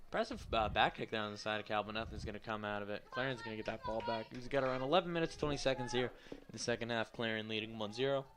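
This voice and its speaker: A young man calls a college women's soccer match live, his lowish voice racing along with almost no pauses. He sounds a little tired and yawns, tossing loose, joking asides into the play-by-play.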